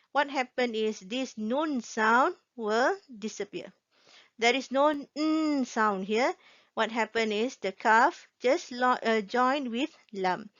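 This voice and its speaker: Woman w teaching, slow, bit higher voice, dull dry recording. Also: no room sound. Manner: patient, checks in often with "okay?" and repeats each rule. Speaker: Quran recitation teacher. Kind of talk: slow explanatory online lesson.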